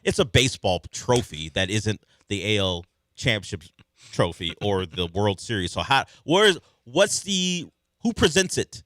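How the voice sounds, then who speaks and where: A man with a very low voice and a forceful, bright edge co-hosts sports talk radio. He talks in an animated, rambling way, firing off questions. The studio sound is close and dry. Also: measured pace, dry recording.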